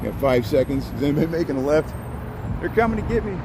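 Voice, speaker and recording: This middle-aged Indiana vlogger talks fast in a slightly high voice with lively intonation while livestreaming a dusk walk down a city street. He keeps up rambling, chatty commentary and greets passersby, with loud traffic and street noise behind him.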